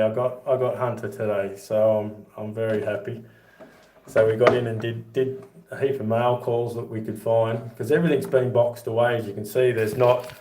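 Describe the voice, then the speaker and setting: A man's voice: mid-range voice, darkish tone, a little hiss or hum. Chatty Australian man yarning in an echoey room. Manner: chatty, laughs through his own yarns. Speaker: livestream host. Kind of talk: casual storytelling livestream. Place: home with boxed-up rooms.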